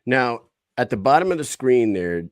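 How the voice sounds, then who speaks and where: A middle-aged podcast co-host swaps lively, profane banter with a guest in a casual interview chat, swearing freely. His voice is mid-range and moderately paced, and the recording is dry.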